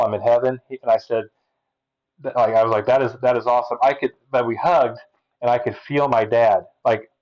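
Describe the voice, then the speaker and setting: A man's voice: mid-range voice, lo-fi sound. A man as a podcast guest, earnestly telling a personal story, often restarting and acting out quotes.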